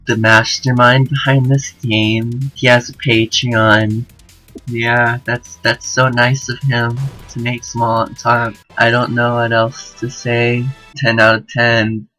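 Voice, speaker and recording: A man's voice: mid-range voice, steady tone, takes it slowly, bright, forceful tone, soft background music, poor audio. A young man giving campy, dramatic comedic commentary while playing a game. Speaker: gaming YouTuber.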